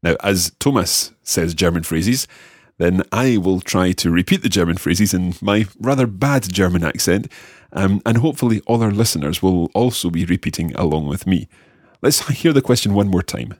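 A man hosting a podcast language lesson, carefully and slowly repeating phrases after his co-host. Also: low voice, animated, no room sound, studio quality. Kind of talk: friendly scripted lesson banter.

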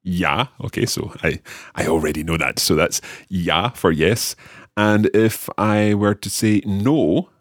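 Man, language course host, low voice, husky, dry studio sound, careful repetition. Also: no room sound. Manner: slow careful repeating of phrases. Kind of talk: friendly scripted lesson banter.

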